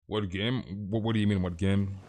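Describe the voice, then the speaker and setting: A young man streams a game and chats casually with viewers in a fairly low voice at normal speed. He tells stories in a rambling, animated, slangy way.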